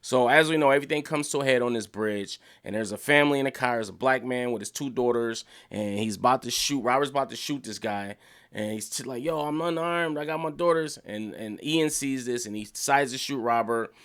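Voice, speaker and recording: A young man casually reviewing a TV show, excited and profane, his pitch jumping up when he gets worked up. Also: a little fast, clear, resonant tone.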